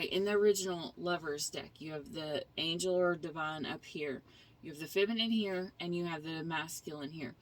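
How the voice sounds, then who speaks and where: A middle-aged woman talks through a tarot spread in a casual, earnest way. Her voice sits a little low, and she wanders through her explanations, often breaking off and restarting a sentence. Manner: earnest, rambling explanations with self-corrections. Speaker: tarot reader. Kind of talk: casual spiritual reading.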